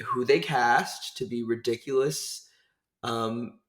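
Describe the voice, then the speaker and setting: A man hosting a casual film review chat, hesitant and filling pauses with ums as he thinks aloud. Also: medium pitch, echoey room. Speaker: podcast host.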